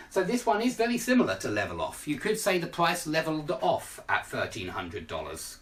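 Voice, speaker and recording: A man's voice: medium pitch, sharp tone, far from the mic. A man teaching an online lesson, patiently explaining with everyday examples. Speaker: English teacher.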